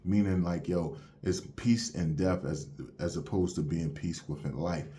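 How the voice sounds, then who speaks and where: Here a young man with a low, dark voice and a measured pace summarizes a manga chapter, slight background noise audible. Reviewing it in relaxed slang, he steps through the plot in order, often framing events with "you have it where."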